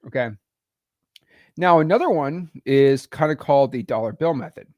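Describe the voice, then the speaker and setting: A man hosts a live-stream teaching session as a real estate wholesaling coach, talking casually and with slang while acting out calls with sellers. His medium-pitched voice is expressive, a little mellow and moderately paced. The recording is dry and studio quality.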